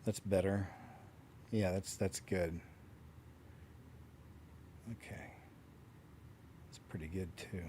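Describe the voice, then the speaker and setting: Man, host, low mellow voice, wry joking asides, faint background noise. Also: steady tone, takes it slowly, pauses often. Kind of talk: reaction commentary.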